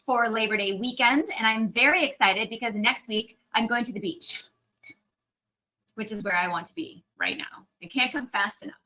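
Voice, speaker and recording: A woman chats upbeat and casual on a livestream, speaking straight to her viewers. Her voice sits a little high and rings bright and forward. She has a frog in her throat and keeps clearing it. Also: moderate pace, low-quality recording. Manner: chatty and upbeat, talking to viewers. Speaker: naturopathic doctor hosting a live Q&A. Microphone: external microphone on a livestream.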